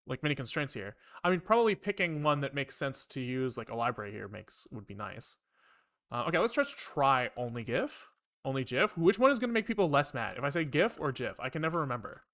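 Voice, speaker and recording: A man's voice: mid-range voice, sing-song, fast talker, a bit bright. A man streaming live as he codes, thinking aloud in a rambling, profane way with wry asides to his chat. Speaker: programming livestreamer. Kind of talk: casual live coding talk.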